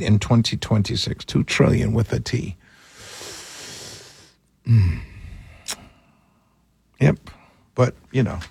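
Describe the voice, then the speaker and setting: A man's voice: mid-range voice, gravelly, a little mellow, husky, no room sound. A man hosting a political talk show, giving opinionated, mocking commentary with frequent laughs. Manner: opinionated, mocking, laughs a lot, does whiny voices.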